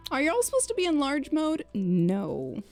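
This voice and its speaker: A woman's voice: sits high, wildly swooping pitch, measured pace, vocal fry, faint music behind. A woman co-hosting a game stream in casual, chatty, self-deprecating talk. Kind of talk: casual chat.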